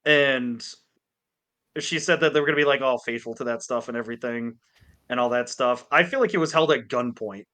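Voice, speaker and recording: A man co-hosting a casual podcast over a voice call, ranting and swearing heavily with animated mock voices. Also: medium pitch, a little fast. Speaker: podcast co-host. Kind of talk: casual chat. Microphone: Discord call.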